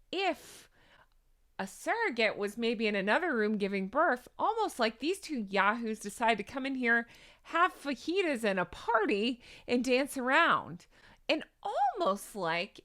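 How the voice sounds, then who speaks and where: Lively, sarcastic woman commentator. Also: on the high side. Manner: sarcastic, incredulous, hedging asides. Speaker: commentary host. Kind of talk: opinionated celebrity commentary.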